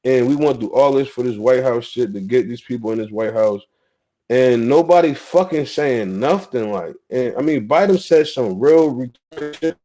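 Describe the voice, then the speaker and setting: Young guy ranting on a talk show, heated and cussing, keeps repeating himself, mid-pitched voice. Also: animated, normal speed, warm tone, low-quality recording. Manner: rhetorical questions, "you feel me" fillers. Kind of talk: casual chat, heated commentary.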